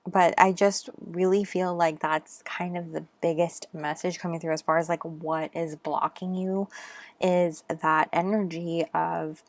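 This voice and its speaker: A woman's voice: lowish voice, little pitch movement, unhurried, no room sound. A woman giving a casual, intuitive tarot reading, chatty and rambling with lots of fillers, a little out of breath. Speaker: tarot reader.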